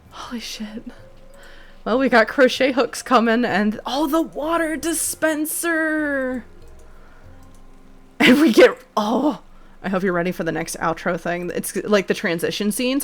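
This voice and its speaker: Slow-talking woman streamer, casual. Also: mid-range voice, animated, soft background music. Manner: chatty, swears casually, thanks viewers by name. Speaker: live streamer. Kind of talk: casual live-stream chat.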